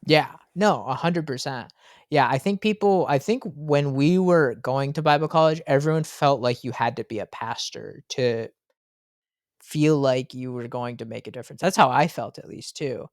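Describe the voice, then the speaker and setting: A man in casual podcast conversation, spinning stories with lively energy and plenty of filler words. His voice sits at an ordinary middle pitch. The sound is close and dry. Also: normal speed, dry recording. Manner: animated storyteller, frequent fillers. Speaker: podcast host.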